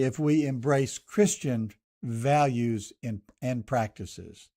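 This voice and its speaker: Here a radio host, an older man from the American South, shares a contemplative commentary followed by a prayer, keeping a measured, enumerating rhythm. He speaks at a medium pitch with a warm tone.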